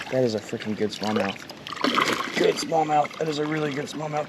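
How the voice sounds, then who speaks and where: A man vlogging as he fishes a creek outdoors, excitedly talking to the fish he catches. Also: a little high, moderate pace. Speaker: fishing vlogger. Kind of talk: casual outdoor commentary. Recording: outdoor camera audio with water noise. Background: running water and outdoor noise.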